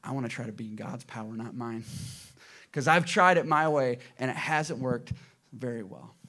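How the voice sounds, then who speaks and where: A man preaching a sermon as pastor in a church, swinging between loud emphatic bursts and soft low asides, asking the congregation questions. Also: moderate pace. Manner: asks the congregation rhetorical questions.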